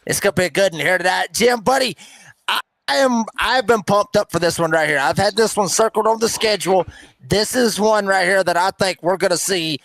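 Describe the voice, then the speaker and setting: Excitable high-voiced announcer. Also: male voice, brisk. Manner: excitable, rambling, folksy. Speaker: race announcer. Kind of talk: sim racing commentary.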